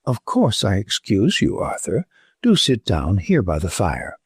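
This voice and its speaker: A man's voice: fairly low pitch, wildly swooping pitch, unhurried, dry recording, studio quality, heavily acted. A man voicing a composed middle-aged society mother with a poised, hospitable manner. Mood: gracious. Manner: smooth, poised, politely hospitable.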